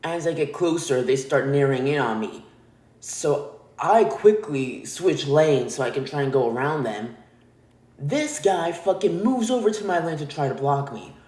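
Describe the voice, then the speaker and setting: A man's voice: mid-range voice, a little mellow. Give me a blunt, profane male podcast host telling a story in a roomy space. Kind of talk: casual storytelling monologue.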